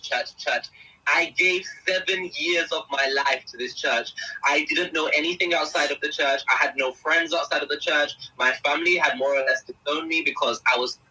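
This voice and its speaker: A young man with a husky, strikingly bright voice, giving an intense and agitated first-person account as an interview guest. He sits slightly high for a man. He keeps turning to the host and calling her by name. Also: rough recording.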